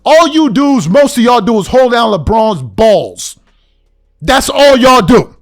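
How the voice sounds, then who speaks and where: A man's voice: very high-pitched, very animated, slow, soft background music. A man hosting a podcast, venting in a heated, repetitive, emphatic rant straight to the audience. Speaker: podcast host.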